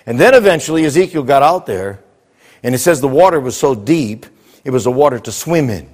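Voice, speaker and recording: A man's voice: medium pitch, expressive, fairly quick, darkish tone. A man preaching a sermon to a congregation, drawing call-and-response answers from the room. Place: church with congregation. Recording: echoey hall.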